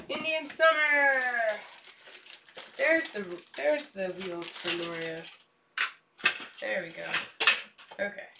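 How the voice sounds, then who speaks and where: A young woman streaming herself unpacking board games in casual chat, excitable and prone to trailing off mid-sentence. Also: medium pitch, gravelly, far from the mic, background noise.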